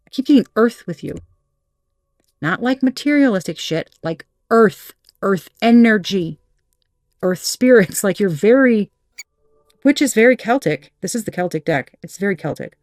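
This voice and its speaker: A woman's voice: mid-range voice, lively intonation, normal speed, darkish tone, dry recording, clean studio sound. A woman giving a casual tarot reading, candid and profane, laughing often and acting out little quoted voices. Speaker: tarot reader.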